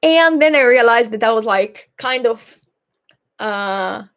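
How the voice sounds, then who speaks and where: A woman's voice: fairly high pitch, expressive, takes it slowly, fairly bright tone. A young woman from Greece, hosting a live Q&A and answering viewers thoughtfully and hesitantly, with many fillers. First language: Greek. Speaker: Greek teacher and channel host.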